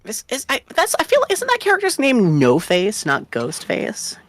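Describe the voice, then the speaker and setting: A young woman streaming a game, chatting casually and swinging between loud outbursts and quiet mumbles. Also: a little high, huge pitch swings, moderate pace, no echo. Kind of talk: casual chat while gaming.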